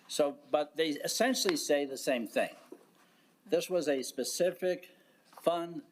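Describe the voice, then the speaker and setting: Deliberate man addressing a public board. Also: fairly high pitch. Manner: deliberate, halting, with frequent fillers and restarts. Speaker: county commissioner. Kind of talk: public meeting remarks. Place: county commission chamber.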